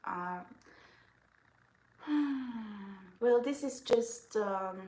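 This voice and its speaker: A woman's voice: fairly high pitch, very slow, mellow. A woman chatting casually through a makeup vlog, rambling and giggling often as she talks. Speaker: vlogger. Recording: echoey room.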